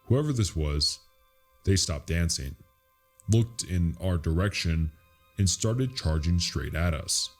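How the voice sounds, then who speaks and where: A man reading a scary true story as a narrator, in a slow, hushed, suspenseful delivery. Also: sits low, expressive, soft background music. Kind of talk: scripted horror story narration.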